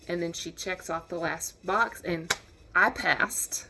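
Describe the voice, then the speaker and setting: A woman casually telling a personal anecdote in a lively, wry way, acting out the lines of the people in it. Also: on the low side, measured pace, slight background noise. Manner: lively, wry, acts out quotes. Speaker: storyteller.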